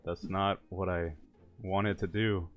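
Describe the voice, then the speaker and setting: A man playing an earnest, deep-voiced adventurer. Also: steady tone, takes it slowly, soft background music. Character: determined young man searching for his friend.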